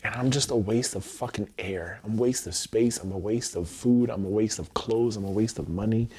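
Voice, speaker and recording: Intense low-voiced man tapping through emotions. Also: moderate pace, dark tone, husky. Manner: intense, repetitive affirmations, swearing. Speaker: self-help livestreamer. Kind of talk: emotional EFT tapping livestream.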